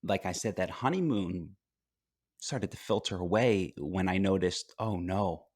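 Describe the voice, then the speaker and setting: A man working as a life coach, speaking calmly and reflectively as a guest in a podcast interview, with frequent fillers and restarts. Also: low voice, measured pace, slightly rough, dry recording, clean studio sound. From United States.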